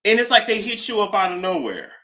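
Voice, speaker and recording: Bright, chatty male livestream host. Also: high voice, fast. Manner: animated, chatty, reading out donor thanks. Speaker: YouTube gossip host. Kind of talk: casual livestream chat.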